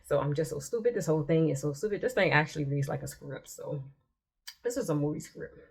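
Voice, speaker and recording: A woman's voice: low voice, expressive, quick pace, vocal fry, breathy edge. A woman vlogger giving casual commentary with chatty, exasperated asides as she reads text messages aloud.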